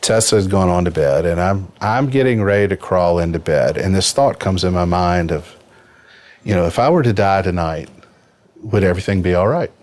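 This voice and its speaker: A man's voice: low-pitched, moderate pace, darkish tone. A man in his fifties telling a personal story as a podcast guest, earnest and vivid. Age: 50s. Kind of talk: personal story in a casual interview.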